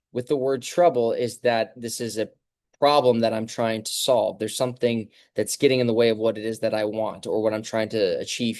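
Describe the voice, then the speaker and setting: A man in the middle of his pitch range gives a casual motivational talk. He is reflective and halting, with many fillers. The sound is dry and close to the mic. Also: darkish tone, no room sound. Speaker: clinic host.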